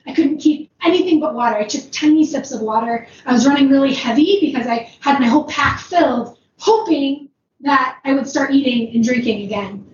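A woman's voice: high voice, expressive, a little fast, darkish tone. A woman telling a long personal story in a casual, rambling way, with lots of fillers and frequent laughs. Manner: rambling, many "like"s, laughs often. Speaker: ultrarunner guest. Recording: roomy, distant, dull, noisy background.

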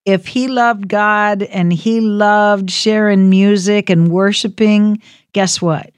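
A woman hosting a call-in radio show, speaking gently and consolingly to callers, calling them honey. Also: medium pitch, fairly even intonation, takes it slowly, clean tone, dry recording. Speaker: radio host.

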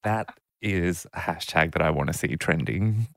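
Deep-voiced man telling a story. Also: normal speed, no echo, clean studio sound. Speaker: podcast co-host and storyteller. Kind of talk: casual chat, storytelling.

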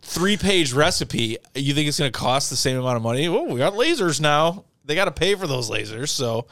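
A man's voice: a little high, animated, fairly quick, a bit bright, no room sound. A man co-hosting a podcast in casual chat, joking, swearing and laughing often. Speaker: podcast co-host.

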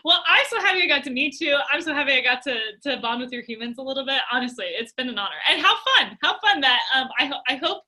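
A woman guest on a podcast, chatting casually and telling stories excitably, with lots of "like"s. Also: high-pitched, quick pace, few pauses. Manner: excitable, storytelling with many "like"s. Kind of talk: casual interview chat.

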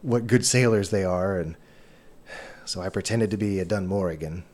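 A man's voice: low-pitched, moderate pace, darkish tone, lightly acted. A man voicing a tired male ship captain who is embarrassed about faking an accent. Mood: sheepish. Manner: tired, sheepish.

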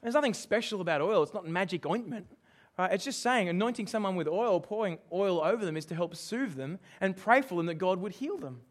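Man, preacher, sermon, high-pitched, emphatic, questioning the congregation. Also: lively intonation, fairly quick.

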